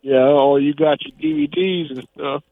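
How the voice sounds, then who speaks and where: A chatty man calls in to a radio show, dropping "like" into his talk. His voice sits a little high and comes through a tinny phone line, dry and close. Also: completely flat delivery, moderate pace, no room sound. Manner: chatty, drops in "like". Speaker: caller. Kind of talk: casual call-in chat.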